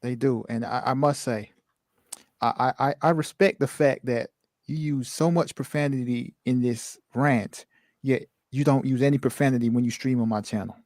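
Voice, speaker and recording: A man's voice: medium pitch, steady tone, moderate pace, a little mellow. A man hosting a casual fan chat show, cutting in with teasing remarks. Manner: teasing interjections. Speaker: channel host.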